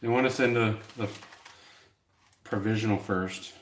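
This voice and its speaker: A man's voice: on the low side, steady tone, a little slow, roomy sound, slight background noise. A young man rambling casually to his viewers, swearing freely as he chats about his day. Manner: rambling, profane, chatty. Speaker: vlogger.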